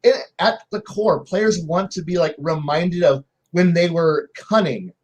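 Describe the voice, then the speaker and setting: A man's voice: on the high side, measured pace. A man on a panel telling game stories in casual chat, acting out his players' lines and restarting often. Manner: animated anecdotes with many restarts and acted-out quotes.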